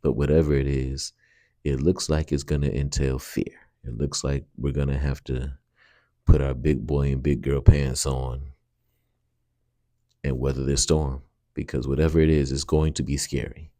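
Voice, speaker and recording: A man's voice: extremely low pitch, flat delivery, normal speed, dark tone, dry recording, studio quality. A man hosting a video channel, talking straight to his viewers in an earnest, rambling way. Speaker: channel host. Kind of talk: casual video commentary.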